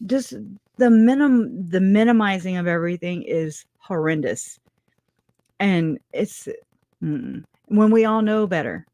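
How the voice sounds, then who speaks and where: A woman's voice: mid-range voice, darkish tone, no echo. A middle-aged woman hosting a casual livestream, answering viewers in chat, chatty, with frequent laughs and restarts. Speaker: livestream host reading chat.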